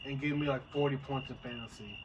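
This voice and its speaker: A man co-hosting a casual sports podcast, teasing his partner and rambling with repeated words. The mic sits at a distance. A clear hiss of noise runs under his voice. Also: mid-range voice, little pitch movement, quick pace, dull audio. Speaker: podcast co-host.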